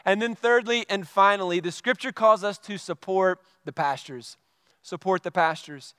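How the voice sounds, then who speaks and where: A middle-aged male pastor preaching a sermon, telling a story and acting out his own reactions with lively energy. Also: high voice, moderate pace, clean tone, dry recording, clean studio sound, in a large hall.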